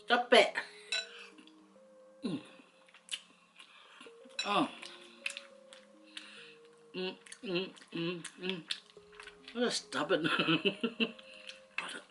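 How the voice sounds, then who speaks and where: A woman's voice: lowish voice, expressive, drawn-out words, long pauses, music in the background. A woman with a Samoan accent chatting playfully to camera while eating, teasing her food and giggling. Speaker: mukbang vlogger. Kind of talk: casual eating chat to camera.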